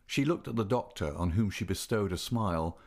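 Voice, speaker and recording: A man reads a classic novel aloud at an even, measured pace. His voice sits somewhat low, and the telling stays steady throughout. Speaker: audiobook narrator.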